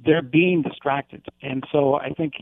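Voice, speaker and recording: Male teacher, slightly high, gravelly, dry phone-line sound, earnest and rambling. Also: fairly even intonation, measured pace, dry recording. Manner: earnest, rambling with many fillers. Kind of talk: casual interview talk.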